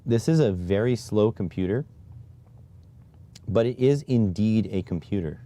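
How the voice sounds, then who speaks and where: A man's voice: fairly low pitch, lively intonation, measured pace, mellow. A man from Canada chatting casually on a live stream, muttering to himself while typing and reading chat. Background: keyboard typing.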